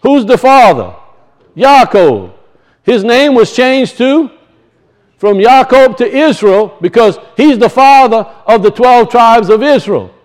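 A man's voice: very high voice, big pitch swings, slow. A man teaching from scripture to a congregation, asking questions, answering them himself and repeating key points. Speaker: bible teacher. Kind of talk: teaching sermon.

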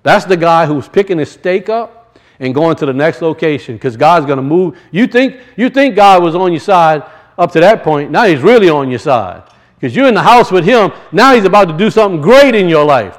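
A man teaches scripture in a loose, conversational way. His voice sits high, and he builds into emphatic, preacherly passages. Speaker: Bible teacher. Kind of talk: sermon-style Bible teaching.

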